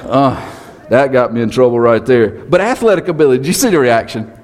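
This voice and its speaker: A man preaches to his congregation in a lively, up-and-down voice. He keeps asking rhetorical questions and slipping in teasing jokes. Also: medium pitch, brisk. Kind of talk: sermon.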